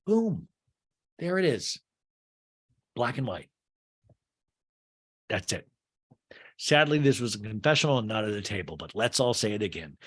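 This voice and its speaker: Lively man recapping a show. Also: lowish voice, measured pace, pauses often, slightly rough. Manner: animated, swears freely, mimics cast members. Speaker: podcast host recapping a reality show. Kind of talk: comedic recap, acting out quotes.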